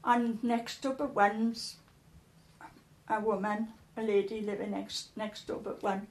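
A woman's voice: medium pitch, steady tone, slow, echoey room. An older woman, telling stories in an interview in a chatty way, often repeating words as she recalls. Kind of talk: casual storytelling.

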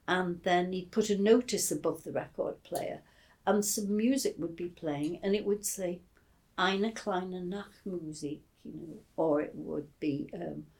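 In a dark-toned, mid-range voice, an elderly woman from England recalls her childhood for an oral history interview. Her storytelling is affectionate but halting, full of fillers and restarts.

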